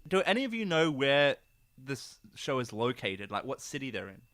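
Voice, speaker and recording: A young man co-hosting a comedy podcast, talking in an animated, sarcastic, rambling way. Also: mid-range voice, normal speed, dry recording, clean studio sound. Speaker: podcast co-host. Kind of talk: casual comedic chat.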